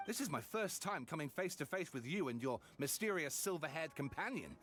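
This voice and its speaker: A man voicing an eager, excitable young male writer in a video game. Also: high voice, normal speed, soft background music.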